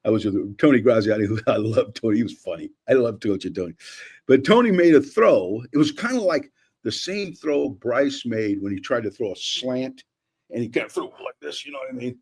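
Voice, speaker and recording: An older man, a former football coach, breaking down game film in a lively, rambling way, acting out old conversations. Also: mid-range voice, a little fast, slightly rough. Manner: animated, acts out quotes, many restarts. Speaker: former offensive coordinator, analyst.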